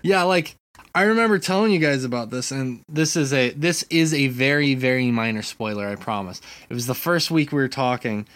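A man co-hosting a casual gaming podcast from his apartment, telling stories with lively swearing and restarts. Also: mid-range voice, brisk, no echo. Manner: animated storytelling, frequent swearing. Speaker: podcast co-host. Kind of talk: casual chat.

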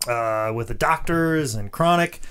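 A man's voice: mid-range voice, unhurried, a bit bright, clear, resonant tone. A man co-hosting a podcast in casual chat, joking and rambling, laughing often. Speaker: podcast co-host.

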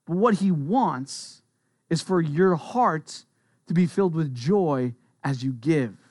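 A man with a high voice preaches a sermon in an easy, conversational manner. He talks earnestly and tosses in quick asides. His voice sounds dry and close, with no room echo. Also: expressive, a little mellow. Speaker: pastor.

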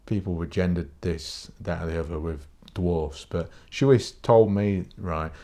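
British bloke, fairly low voice, solo podcast host who rants bluntly and swears freely. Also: male voice, normal speed, dark tone. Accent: British English. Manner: blunt, sweary, rambling, with many restarts. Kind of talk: casual solo podcast rant.

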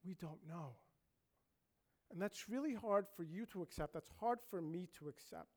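Male pastor with a high voice, preaching in a conversational, emphatic way. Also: lively intonation, normal speed. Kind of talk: sermon.

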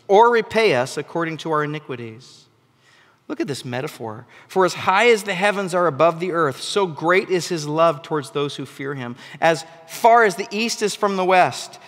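A man preaching a sermon as pastor, animated and building to emphatic bursts. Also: on the high side, moderate pace. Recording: long hall reverb.

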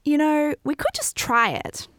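A mischievous ten-year-old girl, as a woman puts her on, gleeful and daring. Her voice is pitched well above the narrator's own and comes out loud and eager. The room around her is dry and close. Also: big pitch swings, a little slow, no room sound, exaggerated voice. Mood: conspiratorial.

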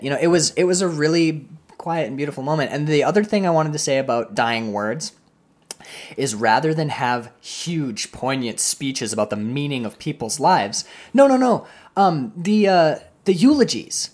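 A woman talking casually about a film, animated and profane, often acting out lines from it. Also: sits low, normal speed.

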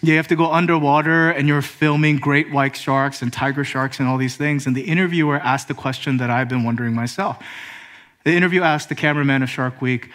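A male pastor preaching a sermon, speaking with pauses and rising emphasis. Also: on the high side, fairly even intonation, fairly bright tone.

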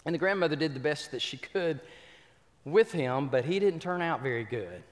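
A man's voice: fairly high pitch, animated, normal speed. A man preaching a sermon, telling a story with repeated words and questions to the congregation. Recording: reverberant hall.

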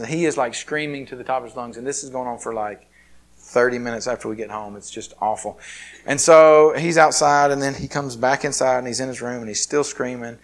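A man's voice: mid-range voice, a little fast. A man preaching a sermon, telling a personal story in a conversational, self-deprecating way. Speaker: pastor.

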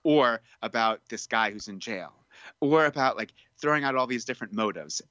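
A man's voice: medium pitch, animated, moderate pace, pushed and bright, dry recording, dull audio. A man co-hosting a casual podcast, talking about a movie in a chatty way, full of fillers. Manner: chatty, filler-heavy, reading from notes. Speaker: podcast co-host. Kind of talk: casual film review chat.

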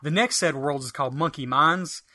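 A man's voice: fairly high pitch, brisk, pushed and bright, dry recording. A man co-hosting a podcast, chatting enthusiastically about retro games with a rambling, filler-filled delivery. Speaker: podcast co-host. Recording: dry close mic.

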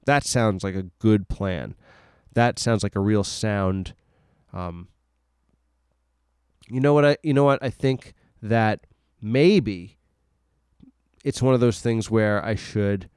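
A man's voice: fairly low pitch, slow pace, pauses often, darkish tone, clear, resonant tone, no room sound, studio quality. A man hosting a podcast alone in a room, talking in a rambling, self-mocking way with lots of filler words. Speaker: solo podcast host. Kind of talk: rambling casual monologue.

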